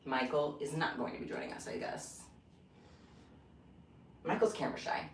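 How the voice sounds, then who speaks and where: A young man chatting casually on a home craft livestream, expressive and rambling. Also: a little high, moderate pace, slight background noise. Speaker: craft streamer. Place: room at home. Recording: echoey room.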